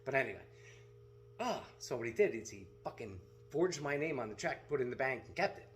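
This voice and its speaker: A man's voice: medium pitch, very animated, a little fast, slight background noise. A middle-aged man telling a story in a blunt, profane, casual vlog rant as a seller of self-defense gear.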